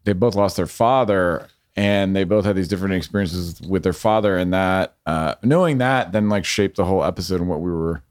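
A man's voice: low voice, brisk, few pauses. A man who is a guest filmmaker on a podcast, reflecting thoughtfully on the shoot in casual chat.

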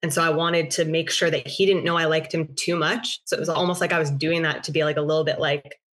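Young woman with a very low voice, hesitant. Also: little pitch movement, fast talker, a bit bright. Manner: hesitant, filler-heavy storytelling. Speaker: podcast guest telling a dating story. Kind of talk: casual podcast chat.

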